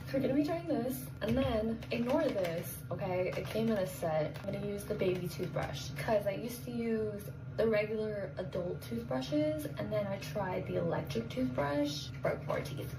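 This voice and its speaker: A young woman talking anxiously in a confessional vlog, close to tears. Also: medium pitch. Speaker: vlogger in a played clip. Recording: echoey room with background noise.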